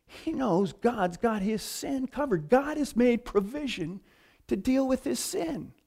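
High-voiced, folksy preacher man. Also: measured pace, vocal fry. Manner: casual, folksy, animated, with lots of "man" and "you know". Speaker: pastor. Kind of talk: conversational sermon.

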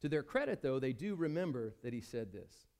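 A man's voice: medium pitch, sing-song, a little fast, a little mellow. A man preaching a sermon at a church service, talking conversationally and putting questions to the congregation. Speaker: pastor.

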